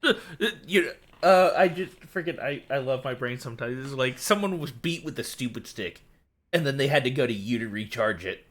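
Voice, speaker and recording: A man's voice: medium pitch, expressive, normal speed, a bit bright. A man in casual chat, exasperated, who stumbles and restarts his sentences. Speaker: streamer co-host.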